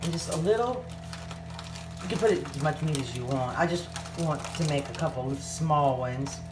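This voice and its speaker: A woman's voice: sits low, normal speed, noisy background. A woman, hosting a casual home cooking vlog and chatting through each step in her kitchen. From Southern United States.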